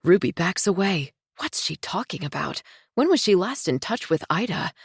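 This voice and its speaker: A woman reading a thriller audiobook in a tense, measured storytelling voice. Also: fairly low pitch, sing-song, breathy edge, dry recording, clean studio sound. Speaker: audiobook narrator. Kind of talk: scripted thriller narration.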